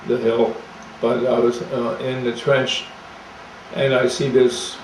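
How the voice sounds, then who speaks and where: An older man, an army veteran, recounting his memories in a plain, matter-of-fact and halting way. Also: mid-range voice, flat delivery, creaky. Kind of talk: oral history storytelling. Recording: echoey room, distant mic, faint noise.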